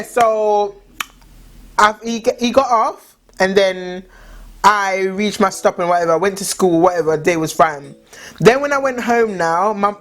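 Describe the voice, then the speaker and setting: A young woman telling a story in a chatty way, many "like" fillers. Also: medium pitch. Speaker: vlogger. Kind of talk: casual storytime chat.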